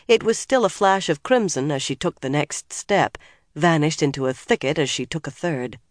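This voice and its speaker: Audiobook narrator, measured and expressive delivery, mid pitch, dry recording. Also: no room sound. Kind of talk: scripted narration.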